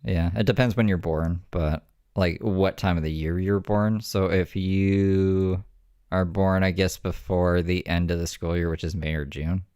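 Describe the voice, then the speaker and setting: A man's voice: deep voice, fairly even intonation, measured pace, darkish tone, clean tone, no echo, clean studio sound. A young man hosting a stream, talking to his chat in a blunt, laid-back way and swearing freely. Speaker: streamer and host.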